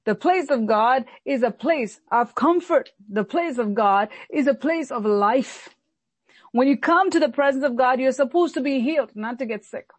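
A woman pastor delivering an earnest sermon, slowing down and repeating lines for emphasis. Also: sits high, breathy edge, no echo. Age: adult, recalls childhood many years ago.

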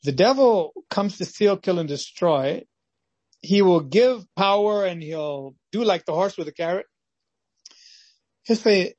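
A husky male preacher with a voice pitched somewhat high, delivering a devotional sermon. He tells stories dramatically and slips into acted scenes. The recording is dry and close. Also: animated, unhurried, darkish tone, dry recording, highs cut off. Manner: dramatic storytelling, acts out scenes. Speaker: pastor.

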